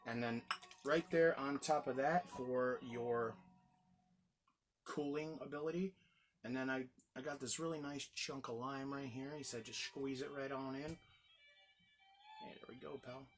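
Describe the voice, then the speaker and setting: A man's voice: mid-range voice, normal speed, faint music behind. A man hosting a casual gin tasting review, chatty and rambling, exclaiming as he tastes.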